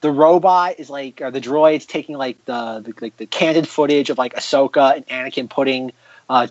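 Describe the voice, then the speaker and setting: A man's voice: mid-range voice, moderate pace, no room sound, lo-fi sound. A man co-hosting a film podcast who tells stories in a rambling way, full of fillers. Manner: rambling, filler-heavy storytelling. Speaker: podcast co-host. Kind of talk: casual film review chat.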